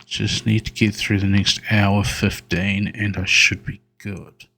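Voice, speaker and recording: A man's voice: on the low side, little pitch movement, takes it slowly, gravelly, pushed and bright. A man giving solo gameplay commentary, muttering to himself and talking to the game as he plays. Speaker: gaming video creator.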